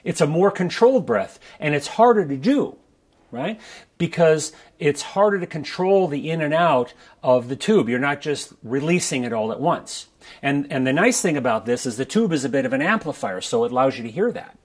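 A man teaching a breath-control exercise for brass players in a relaxed, conversational way, often checking in with the listener. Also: on the high side, normal speed, husky. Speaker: trombone coach. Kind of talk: instructional video talk. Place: his studio.

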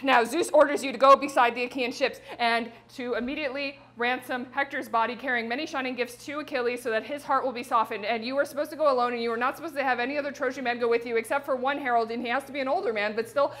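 A woman voicing a reassuring female goddess messenger who rattles off her message quickly and casually. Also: sits high, steady tone, a bit bright. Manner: rapid, breezy, reassuring.

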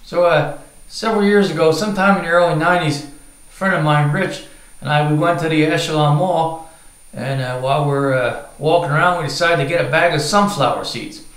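A man's voice: on the high side, fairly quick, fairly bright tone, reverberant, poor audio. A man telling a crude comic story from the bathroom, rambling and swearing, with many filler words. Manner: rambling, profane, lots of uh fillers.

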